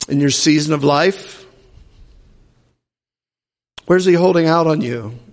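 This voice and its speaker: A man's voice: fairly high pitch, slow. A male pastor preaching a sermon, emphatic and driving home his points with repeated rhetorical questions. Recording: reverberant hall.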